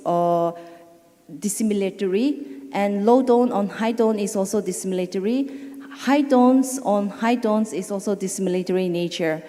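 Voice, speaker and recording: A woman's voice: medium pitch, dark tone. A woman giving an academic conference presentation, speaking with hesitations and self-corrections. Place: conference hall. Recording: reverberant hall audio.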